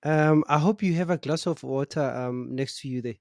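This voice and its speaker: A South African man hosting a talk show, introducing the topic and guest in a relaxed, playful way. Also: on the high side, normal speed, vocal fry, no echo, clean studio sound. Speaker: show host.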